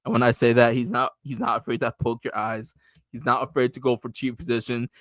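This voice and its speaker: A man co-hosting a casual sports podcast, animated and laughing, breaking his points into short bursts. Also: mid-range voice, a little fast, no echo. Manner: animated, laughing, acts out quotes. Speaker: podcast co-host.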